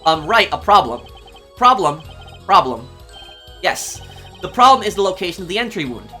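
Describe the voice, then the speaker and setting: A man's voice: high-pitched, big pitch swings, normal speed, pushed and bright, faint music behind, exaggerated voice. A man voicing a nervous, stammering young male defense attorney in a game let's play. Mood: earnest.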